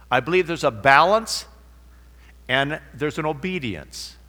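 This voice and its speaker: Male preacher, rambling anecdotal sermon, bright voice, long hall reverb. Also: fairly high pitch, expressive, measured pace. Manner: rambling, anecdotal, with fillers and restarts. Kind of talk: sermon with a told joke.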